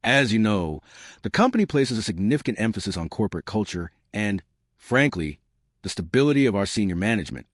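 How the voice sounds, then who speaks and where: Man voicing a stern middle-aged boss, low, measured, dry close sound. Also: big pitch swings, no echo. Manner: measured, pointed.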